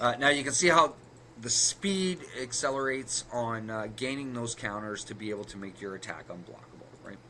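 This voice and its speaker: Slight background noise sits behind a man's sharp, mid-range voice at a moderate pace. Co-hosting a card game podcast, he chats casually while breaking down the math of card plays step by step, correcting himself as he goes.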